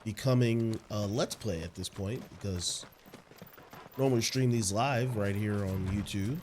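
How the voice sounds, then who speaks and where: A congested man with a nasal voice, chatting excitedly and stumbling over words while hosting a let's play of a video game. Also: on the low side, unhurried, a little hiss or hum. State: congested, recovering from illness. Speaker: gaming channel host.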